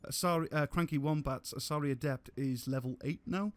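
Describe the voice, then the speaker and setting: A man's voice: fairly high pitch, fairly quick. A man giving casual gameplay commentary on a live stream, rambling with restarts and casual swearing.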